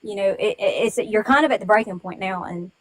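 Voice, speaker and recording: A woman's voice: medium pitch, a little fast, poor audio. A woman calling in to a livestream, speaking earnestly and emotionally in a rambling way. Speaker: caller on a livestream. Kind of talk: live-stream call-in.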